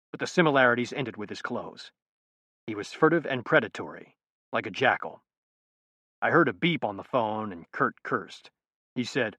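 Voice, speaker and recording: A man narrating a first-person thriller audiobook in a steady, even read. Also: medium pitch, no echo.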